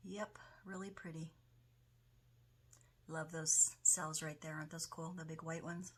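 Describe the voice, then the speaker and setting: A woman's voice: low-pitched, steady tone, a little slow, a bit bright. A woman hosting a casual crafting tutorial, chatting enthusiastically while she works in her home studio. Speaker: craft video host.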